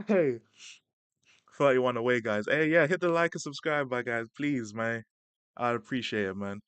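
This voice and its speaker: A man's voice: mid-range voice, normal speed, fairly bright tone, clear, resonant tone, no room sound. Laid-back young man streaming. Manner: laid-back slang-heavy chat, laughing often. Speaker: stream host reacting to a clip. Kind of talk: casual live-stream reaction.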